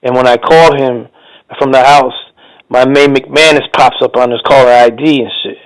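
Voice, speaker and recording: A man's voice: mid-range voice, steady tone, moderate pace, smooth, poor audio. A man hosting a radio show, chatting in a laid-back, slangy way with a caller and laughing along. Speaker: radio host. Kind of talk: casual radio phone interview.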